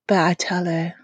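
A woman's voice: lowish voice, slightly rough, no room sound. A woman, hosting her own podcast in a chatty, giggly, rambling way. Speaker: podcast host. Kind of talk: casual solo podcast chat.

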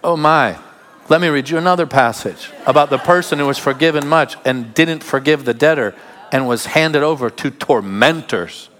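A man preaching a sermon as pastor, emphatic, with sudden drops to quiet asides. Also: a little high, normal speed. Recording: long hall reverb.

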